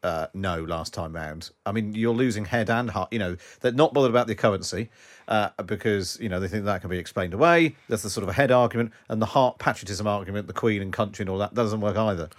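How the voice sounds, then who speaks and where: A man's voice: fairly low pitch, quick pace. A man presenting a news segment in a conversational way, restarting his phrases now and then.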